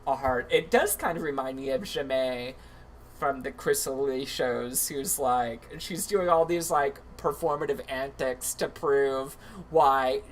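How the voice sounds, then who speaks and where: A man's voice: mid-range voice, unhurried. A man hosting a livestream, chatting in a campy, comedic way with lots of asides. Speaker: livestream host. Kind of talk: casual comedic commentary.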